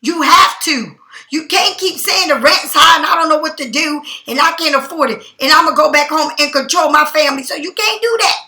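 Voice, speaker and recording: A woman's voice: sits high, animated, a little fast, pushed and bright, reverberant. A middle-aged woman tarot reader speaking bluntly and emphatically to her viewers in a spontaneous monologue.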